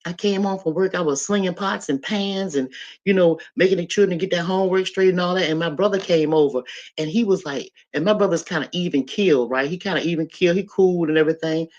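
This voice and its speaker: A middle-aged woman hosting a podcast, telling a story in an animated, emphatic way and talking straight to her listeners. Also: lowish voice, brisk. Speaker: podcast host. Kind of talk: casual storytelling chat. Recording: dull lo-fi sound.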